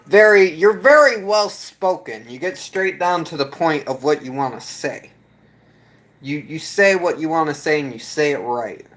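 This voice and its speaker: A man's voice: a little high, animated, normal speed, a bit bright, poor audio. A man chatting casually with his viewers, rambling with fillers and restarts. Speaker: video creator reading chat. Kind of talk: casual live chat.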